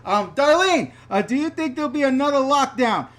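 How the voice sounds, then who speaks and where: Male channel host from the NY/NJ area, bright and forceful tone, excitable and rambling, reads viewer comments on a casual home live stream. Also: very high-pitched, moderate pace. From New York / New Jersey area. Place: upstairs room at home.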